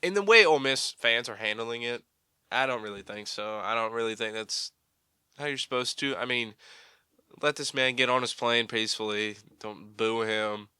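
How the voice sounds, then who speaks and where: Male sports podcast co-host, smooth and bright, animated and mocking, dry close sound. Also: medium pitch, moderate pace, no echo. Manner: animated, mocking, builds to excited outbursts. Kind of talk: casual sports chat.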